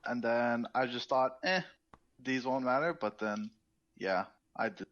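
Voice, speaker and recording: A man's voice: mid-range voice, a little slow, fairly bright tone, highs cut off. A man being coached explains his in-game choices, speaking hesitantly in a casual conversation.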